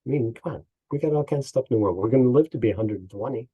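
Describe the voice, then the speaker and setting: A man's voice: mid-range voice, animated, very fast, husky, narrow, tinny audio. A man speaking as an interview guest and business coach, telling folksy stories with chuckles. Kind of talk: casual interview talk.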